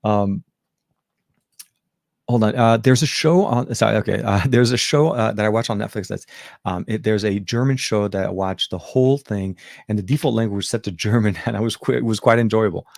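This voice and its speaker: Lower-voiced guy from lebanon, american accent w a bit of arabic, rambly livestream chat, dry close sound. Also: fairly quick, gravelly, a little mellow, no room sound. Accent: American with faint Arabic trace. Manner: rambling, filler-heavy, self-correcting. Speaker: tech show host.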